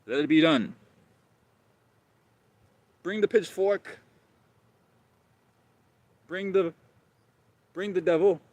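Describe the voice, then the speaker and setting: A man's voice: sits high, extremely slow, long pauses, darkish tone, no room sound, pitched above the performer's own voice. A man putting on the voice of a grand king issuing a royal decree, in a pompous, commanding way.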